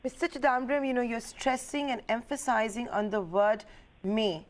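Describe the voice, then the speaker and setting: A woman news anchor, asking brisk, probing questions and introducing a panel. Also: on the high side, fairly even intonation, a little hiss or hum. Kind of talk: television news interview and panel hosting.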